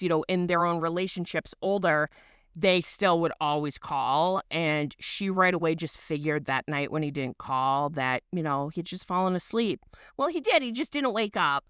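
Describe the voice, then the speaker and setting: A woman in her thirties co-hosting a podcast, telling a story in a loose, rambling way with lots of fillers and the odd swear word. Her voice sits on the low side and is smooth and clear. The sound is dry and close, with no room echo. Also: moderate pace, fairly bright tone. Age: 30s. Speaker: podcast co-host. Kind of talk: casual chat.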